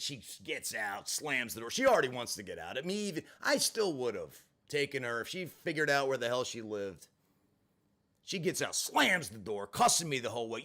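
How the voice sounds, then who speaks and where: A man casually telling a story on a livestream, animated and profane, acting out the voices of the people he quotes. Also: mid-range voice, normal speed. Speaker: livestream host.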